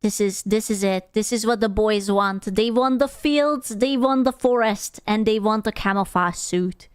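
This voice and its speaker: A woman's voice: mid-range voice, unhurried, clean tone, no echo. A young woman streaming, reacting to a video in a playful, giggly way and swearing freely. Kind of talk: casual live-stream reaction commentary.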